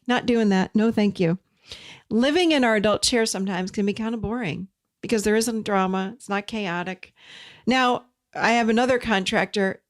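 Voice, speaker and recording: A woman hosting a self-help podcast, telling a personal story and teaching from it, talking straight to her listeners. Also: mid-range voice. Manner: animated, addresses listeners as "you guys". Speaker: podcast host.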